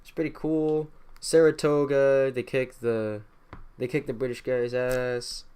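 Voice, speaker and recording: A man's voice: medium pitch, little pitch movement, a little slow, warm tone, smooth. A young man casually retelling history on a podcast, irreverent and profane, slipping into slangy mock voices. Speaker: podcast host. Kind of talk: casual comedic history recap. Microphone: home podcast mic.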